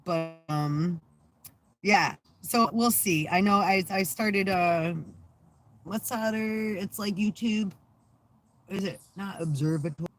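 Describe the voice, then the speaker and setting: A woman's voice: medium pitch, takes it slowly. A rambling, sarcastic, cursing woman. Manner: profane, sarcastic, laughs a lot; trails off with many fillers and restarts. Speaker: channel host. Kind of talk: casual rambling vlog chat.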